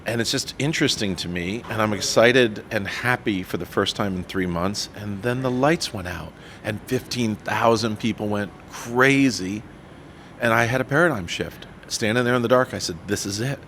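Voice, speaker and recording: A man as a podcast guest, telling his life story in an animated, self-deprecating way and acting out what people said. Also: lowish voice, normal speed, slight background noise. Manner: animated storyteller who acts out his own quotes. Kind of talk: storytelling interview.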